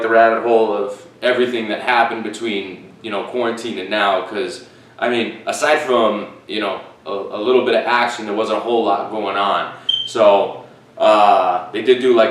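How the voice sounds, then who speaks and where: A man with a fairly low voice hosts his podcast from his living room, rambling in a loose, profane way and stopping often to correct himself. He sits back from the mic, and the room around him rings with heavy echo. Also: recorded from a distance. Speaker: podcast host. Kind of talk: casual solo podcast chat. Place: living room with fish tank and fan. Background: fish tank, fan, dogs outside.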